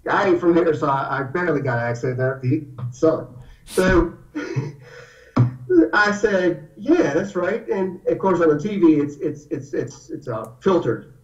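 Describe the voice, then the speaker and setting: At a measured pace and fairly high pitch, a male guest relates stories over casual talk, animatedly voicing the characters he quotes. Echo, distance and a dull lo-fi quality mark the recording.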